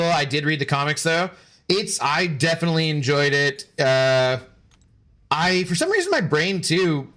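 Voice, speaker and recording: A man's voice: a little high, bright, forceful tone, smooth. A man in his thirties chatting casually while streaming a game, rambling with many fillers and restarts. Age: 30s. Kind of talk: casual live-stream chat while gaming.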